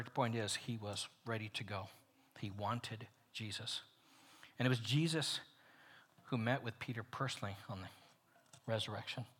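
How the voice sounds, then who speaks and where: A man leads a men's Bible study in an animated teaching voice. His tone is bright and a little husky. He rises to loud emphasis on key points and sinks almost to a whisper on others. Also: mid-range voice.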